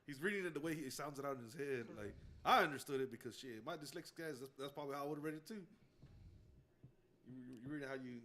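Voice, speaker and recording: A man's voice: mid-range voice, fast talker, sharp tone. A man co-hosting a podcast, chatting casually, swearing often and laughing as he rambles through a story. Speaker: podcast co-host. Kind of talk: casual chat.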